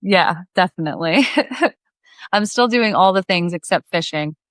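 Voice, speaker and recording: Woman, 30s, podcast guest, laughs a lot, acts out quotes, smooth clear voice, dry close mic. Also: fairly low pitch, a little slow, dry recording. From Lake of the Ozarks, Missouri. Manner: giggly, animated storyteller who acts out quoted voices. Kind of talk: casual storytelling interview.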